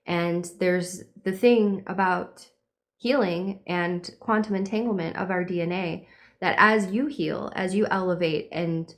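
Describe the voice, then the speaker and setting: A young woman giving a casual spiritual reading, meandering and dreamy, with lots of fillers. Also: fairly low pitch. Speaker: tarot and horoscope reader.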